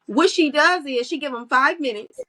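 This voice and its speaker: A woman, a guest in a podcast interview, talking in an animated storytelling way. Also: high voice, moderate pace, poor audio. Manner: animated storytelling, acts out quoted voices. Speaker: guest, content creator.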